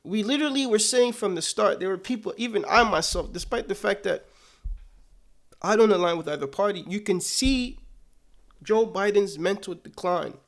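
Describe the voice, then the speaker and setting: A man with a notably high voice delivers political commentary. He talks in an emphatic, indignant way and hammers his points home by repeating them. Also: moderate pace, fairly bright tone.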